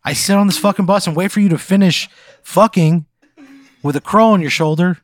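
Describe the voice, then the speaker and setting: Brief: higher-voiced man, profane and indignant comic ranting, dry close sound. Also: a little fast, dry recording. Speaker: podcast co-host. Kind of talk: comedic podcast banter.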